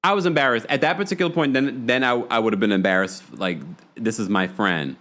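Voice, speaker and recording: A man hosting a live recap show, chatting casually, reading out viewer comments and gossiping with animated energy. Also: medium pitch, brisk. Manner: animated, gossipy, mimics people in quotes. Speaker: podcast host.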